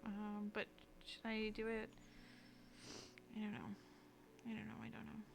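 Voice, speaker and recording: A woman streaming as she draws, talking in a loose, rambling way full of fillers and restarts. Her voice has a gravelly edge and sits at an average pitch. She slips into quiet mutters as she works. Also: monotone, unhurried, noisy background. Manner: rambling, self-deprecating, frequent fillers and restarts. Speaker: streamer and artist. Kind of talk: casual live-stream chat while drawing.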